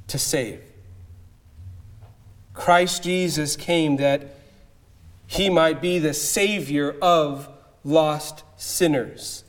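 A man preaching an expository sermon, emphatic and measured, with dramatic pauses. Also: a little high.

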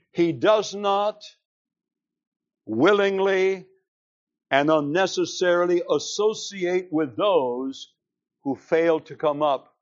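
A man preaching an expository sermon, explaining scripture slowly and with emphasis. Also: fairly high pitch, lo-fi sound. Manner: slow, deliberate, emphatic reading of scripture.

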